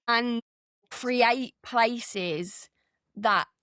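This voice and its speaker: A woman co-hosting a podcast, giving warm, encouraging advice in casual chat. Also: a little high, no room sound, studio quality. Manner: encouraging, quick supportive advice. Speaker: podcast co-host.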